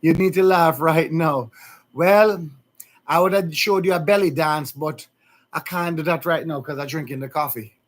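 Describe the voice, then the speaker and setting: A man's voice: a little high, normal speed. Earnest Jamaican man talking to viewers. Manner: earnest, rambling, emotional. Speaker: vlogger. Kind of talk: casual heartfelt talk to viewers.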